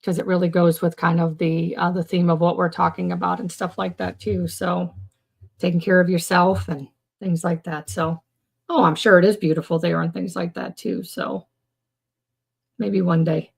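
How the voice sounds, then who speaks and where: A woman with a gravelly, fry-laden voice sits low in her register as she hosts a relaxed live stream from home. She drifts between thoughts, starts sentences over and leans on filler words while answering her viewers. Her talk is loose and conversational throughout. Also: normal speed. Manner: rambling, with many fillers and restarts; chats with viewers in the comments. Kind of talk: casual live chat on mental health.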